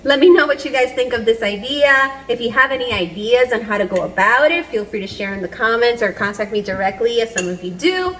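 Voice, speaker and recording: Brief: woman in her 30s, home vlogger, upbeat, chatty, slightly high voice, handheld camera. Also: animated, a little fast, few pauses, fairly bright tone, a little hiss or hum, rough recording. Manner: chatty, upbeat, laughs often. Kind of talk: casual home vlog. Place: home kitchen.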